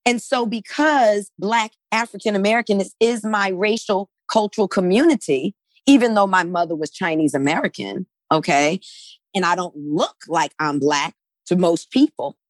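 A woman's voice: on the high side, dry recording. Emphatic woman in a dry-sounding discussion. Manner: emphatic, often ends points with "right?". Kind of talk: conversational discussion.

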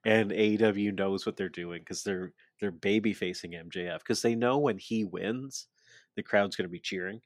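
A man's voice: on the low side, moderate pace, no room sound, studio quality. A man co-hosting a podcast, casually recapping a wrestling segment and loosely acting out the quotes. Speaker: podcast co-host.

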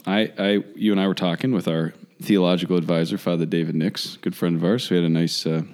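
Man, very low voice, casual co-host chat, rambling, halting. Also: darkish tone. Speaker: podcast co-host.

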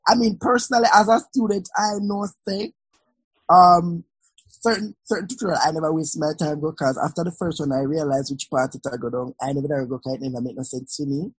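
A woman, a law student telling lively stories on a casual podcast. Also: low-pitched, fairly quick, husky, dry recording, poor audio. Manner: animated storyteller, patois-tinged.

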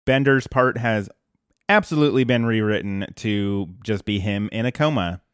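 A man's voice: lowish voice, moderate pace, smooth, dry recording. Dry-sounding man recapping a cartoon, laughing. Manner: enthusiastic, laughs often, quotes lines with a grin. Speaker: podcast co-host. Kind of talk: casual chat recapping a cartoon episode.

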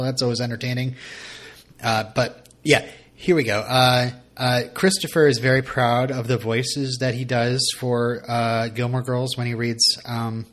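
A man's voice: mid-range voice, flat delivery, measured pace, a bit bright. Rambling self-mocking man, casual podcast chat. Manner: rambling, self-mocking, full of fillers and restarts. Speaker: podcast co-host.

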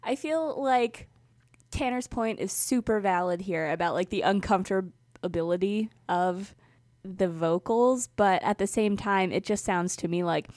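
A woman's voice: medium pitch, measured pace, dry recording, studio quality. Giggly woman co-host of a music chat. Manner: chatty, laughs often, animated asides. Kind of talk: casual music review chat.

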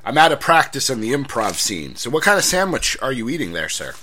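A man's voice: medium pitch, sing-song, brisk, pushed and bright, a little hiss or hum. A man co-hosting a wrestling podcast, chatting casually in a joking, self-deprecating way. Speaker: podcast co-host. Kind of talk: casual chat.

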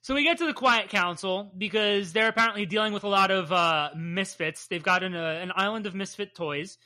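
A podcast co-host in casual chat about comics, measured and candid, with a playfully sarcastic streak. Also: medium pitch, bright, forceful tone.

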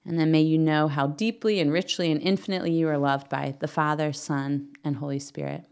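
Low-pitched middle-aged woman, podcast host; earnest, gentle prayer and teaching read. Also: steady tone, a little fast, vocal fry, smooth.

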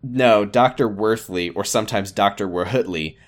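A man's voice: fairly low pitch, normal speed. A man co-hosting a podcast, chatting casually about a show, often restarting his sentences and chuckling. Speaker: podcast co-host. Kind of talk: casual recap chat.

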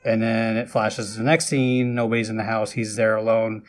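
A man casually retelling a film's plot for a podcast, chatty and loose, with frequent asides and lively bursts. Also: on the low side, moderate pace. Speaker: podcast host recapping a film. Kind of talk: casual film recap.

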